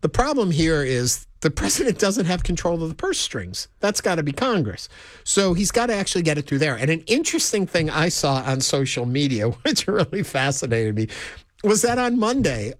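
A man hosting a call-in radio talk show, with a slightly higher voice than most men. He speaks in a measured, conversational way from a close studio mic, and the sound is dry and close. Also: no echo. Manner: measured, conversational, invites callers.

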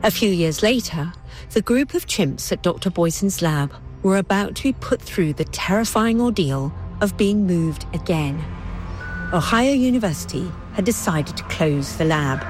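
Woman narrator, low measured tone. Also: lively intonation, faint music behind. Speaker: documentary narrator. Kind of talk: scripted narration.

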